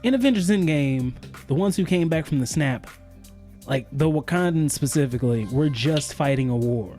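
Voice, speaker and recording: Guy co-hosting a podcast, warm mellow voice, swears a lot, animated riffing. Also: fairly high pitch, normal speed, faint music behind. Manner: profane, animated riffing with acted-out quotes. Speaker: podcast co-host. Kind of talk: casual chat.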